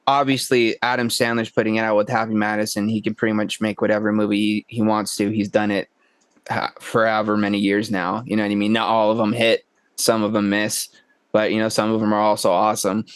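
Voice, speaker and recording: A man's voice: fairly low pitch, little pitch movement, brisk, clear, resonant tone, dry recording. A man co-hosting a podcast, telling stories in casual, rambling chat and swearing freely. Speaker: podcast co-host.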